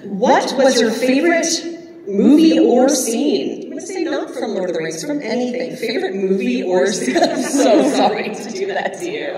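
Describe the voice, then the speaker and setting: A woman moderating a convention panel, upbeat and laughing, with quick asides. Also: a little high, lively intonation. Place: large indoor convention hall. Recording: echoey hall from far off with crowd.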